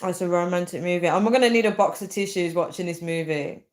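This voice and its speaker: A young woman hosting a casual live stream, reading viewer comments aloud and thinking out loud with many fillers. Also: lowish voice, quick pace. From United Kingdom. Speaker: livestream host.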